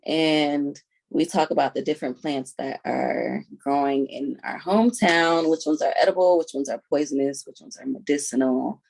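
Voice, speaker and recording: A young woman with a slightly low voice, talking in a loose, chatty way. She strings her stories together with lots of "like", laughing easily as she goes. She sounds like a podcast guest telling stories about her life. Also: fairly even intonation, creaky, a little mellow, rough recording. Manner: chatty storyteller, heavy use of "like", quick laughs. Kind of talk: casual chat.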